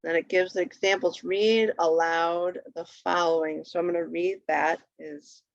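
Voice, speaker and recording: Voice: mid-range voice, steady tone, a little slow, creaky, no echo. A patient teacher walking through a Hebrew primer on a shared screen, repeating each word twice for the learner. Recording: dull lo-fi recording.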